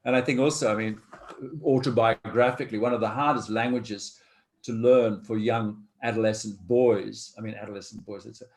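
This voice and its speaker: A man's voice: lowish voice, steady tone, a little fast. A man from New Zealand leading an online seminar over a video call, talking in a thoughtful, wry way with restarts. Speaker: course leader.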